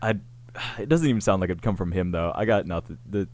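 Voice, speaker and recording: A man's voice: sits low, lively intonation, fast, darkish tone. A man co-hosting a podcast in casual chat, joking around and laughing often. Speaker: podcast co-host.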